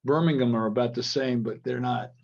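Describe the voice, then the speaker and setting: A man's voice: medium pitch, steady tone, brisk, creaky, a little mellow. Joking American man on a dull call line. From United States. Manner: jokey, rambling, self-interrupting. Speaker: guitar company founder, guest. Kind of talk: casual video-call interview. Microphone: video call. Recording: dull lo-fi video-call audio.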